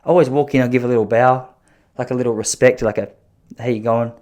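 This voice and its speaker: A man hosting a podcast, telling long self-mocking stories in an animated way, with frequent restarts. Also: mid-range voice, fast, muffled recording. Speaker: podcast host. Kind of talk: storytelling podcast chat.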